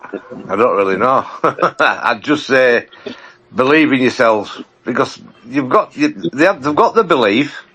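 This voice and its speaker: A man, a podcast regular, talking plainly in halting casual chat with many restarts. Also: mid-range voice, expressive, bright, forceful tone, breathy edge. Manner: plain-spoken, halting, repeats himself.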